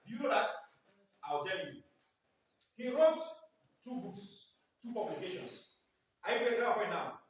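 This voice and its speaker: A man's voice: very high-pitched, fairly bright tone. A man teaching a class, prompting pupils to finish his sentences in a call-and-response lecture. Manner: repeatedly prompts the class to fill in words. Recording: echoey classroom from far off.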